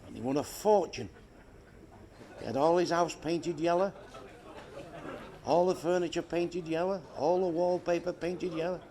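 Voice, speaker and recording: Crude, high-voiced stand-up comedian man. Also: normal speed, long pauses, dark tone. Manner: crude, profane joke-telling with blunt punchlines. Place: club stage before a laughing audience. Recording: noisy live show recording.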